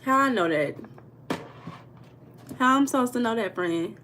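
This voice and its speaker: A woman's voice: a little high, expressive, measured pace, fairly bright tone, slight background noise. Chatty American woman on a livestream. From United States. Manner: chatty, reads viewer comments aloud, Southern-style slang. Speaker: tarot reader streaming live. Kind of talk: casual livestream chat. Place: home room.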